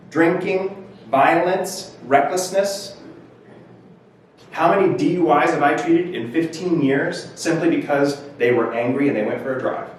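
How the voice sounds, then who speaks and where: A man's voice: medium pitch, a little hiss or hum. A male mental health counselor giving an educational presentation in a conversational lecturing manner, stressing key words. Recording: echoey room from far off.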